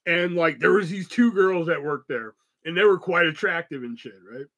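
Young man, podcast host, fairly high voice, casual rambling storytelling, lots of swearing. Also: normal speed, fairly bright tone. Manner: loose, profane, rambling with fillers and laughs.

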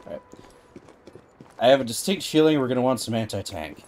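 A man's voice: mid-range voice, big pitch swings, brisk, a little mellow, slight background noise. A man hosting a game livestream, chatting casually with wry, laid-back commentary. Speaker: livestream host. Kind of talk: casual gaming stream chat.

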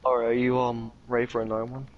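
A young man, slightly hoarse, rambling casually with lots of fillers while playing a game. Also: medium pitch, completely flat delivery, fast talker, muffled recording, soft background music. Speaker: gamer. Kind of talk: casual chat over gameplay. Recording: game gunfire and engine noise behind.

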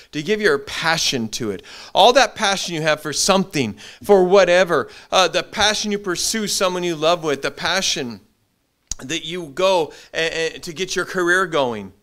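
A middle-aged man preaching a sermon as pastor, animated, repeating his words as he builds. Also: on the high side. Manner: animated preaching, acts out short quoted voices, frequent repeated words.

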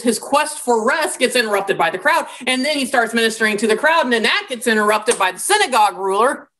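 A middle-aged woman giving a recorded Bible study lecture, telling the story in an animated way, acting out quotes and often restarting her sentences. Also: fairly high pitch.

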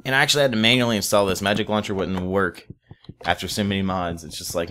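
A man's voice: low voice, fairly even intonation, fast talker, a bit bright, slight background noise. A young man casually commenting while playing a modded block game, rambling, swearing offhand and chatting to viewers and in-game animals. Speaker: Let's Play host.

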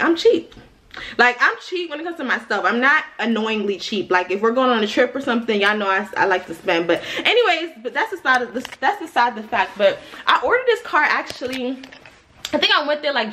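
A young woman vlogging to a phone camera in a casual, animated way, talking straight to her viewers. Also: a little high. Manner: chatty, animated, lots of "like" and "y'all". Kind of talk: casual vlog chat to camera. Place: car then indoor car showroom.

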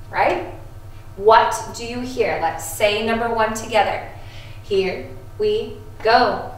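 A woman music teacher leading a lesson for second graders, calmly encouraging them and chanting rhythm syllables. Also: fairly high pitch. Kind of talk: video music lesson for children. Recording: echoey room, voice from a distance.

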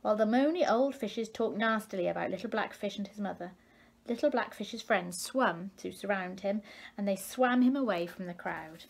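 A woman, an educational consultant, reading a children's picture book aloud with expressive, measured storytelling. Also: mid-range voice, gravelly.

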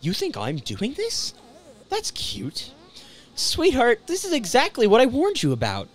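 A man voicing a cruel, mocking dark twin of a young woman in a video game, with a taunting surfer drawl. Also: very high-pitched, wildly swooping pitch, unhurried, voice pushed up, full character voice. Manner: sneering, taunting line reading, surfer drawl.

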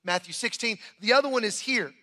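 A man preaching an Easter sermon in a large church, his voice sitting high and bright. He tells the story conversationally, restarting phrases as he goes. The sound carries a long hall reverb. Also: fairly quick. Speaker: pastor.

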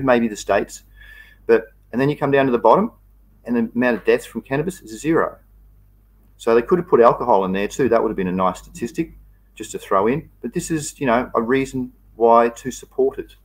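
Australian man, livestream host, lowish voice, easygoing and colloquial. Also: husky. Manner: reads viewer comments aloud and greets them by name; laid-back, colloquial. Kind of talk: casual livestream chat.

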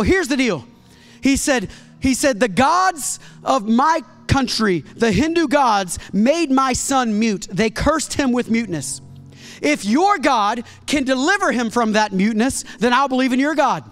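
A man, a pastor, telling a miracle story in a sermon, acting out the dialogue and building to loud climaxes. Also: extremely high pitch.

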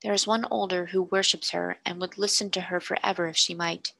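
A woman voicing a devoted male servant who speaks in a hushed, solemn, formal whisper. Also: on the low side, fairly even intonation, fairly quick, creaky, exaggerated voice. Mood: hushed reverent.

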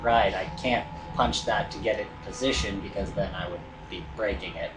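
A man's voice: fairly low pitch, normal speed. A man hosting a let's play, commenting casually and rambling with fillers. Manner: chatty, rambling, hesitant with many fillers. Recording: echoey room with game music.

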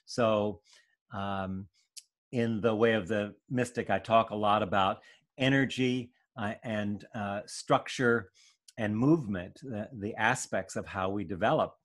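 A man giving a gentle, searching spiritual talk, with soft hesitations as he thinks. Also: lowish voice, measured pace. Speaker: spiritual teacher.

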